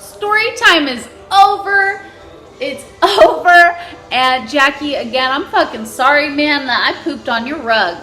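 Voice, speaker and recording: A young woman vlogger with a high, bright voice, telling a crude story and laughing through it. Her pitch swings widely while her pace stays slow. She is recorded in an echoey room with faint music underneath. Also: animated. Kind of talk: casual storytime vlog.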